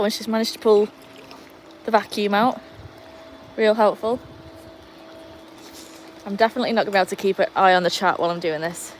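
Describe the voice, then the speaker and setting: A woman's voice: mid-range voice, a little hiss or hum. A Welsh woman hosting a casual live stream from beside a backyard pool, reading out viewer comments and talking to her dogs. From Wales. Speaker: livestream host.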